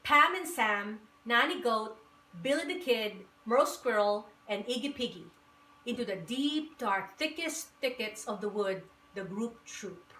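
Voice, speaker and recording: Lively woman reading a picture book. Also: a little high, a little slow, a little hiss or hum. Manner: lively, rhythmic, sing-song storytelling. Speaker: storybook reader. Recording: echoey room.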